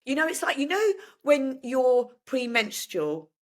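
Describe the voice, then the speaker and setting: An older woman speaks as a guest in a personal conversation. She talks haltingly, doubling words and leaning on fillers as she searches for what to say. Her voice sits a little high. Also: very animated. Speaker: podcast guest.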